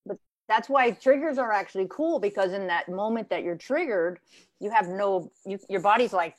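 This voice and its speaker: A woman speaking as a guest in a relaxed interview. She is earnest and stops to restart her sentences often, and she slips into quick acted-out voices for her own thoughts. Her voice sits at a middle pitch, and the recording is dry and close. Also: dry recording. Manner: earnest, frequent restarts, acts out inner voices. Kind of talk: conversational interview.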